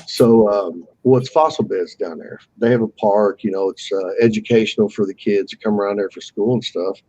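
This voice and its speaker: A man's voice: lowish voice, fairly quick, mellow, dull audio, slight background noise. A man telling a fishing story on a live call, casually and with animation, swearing freely and acting out the voices of the people he quotes.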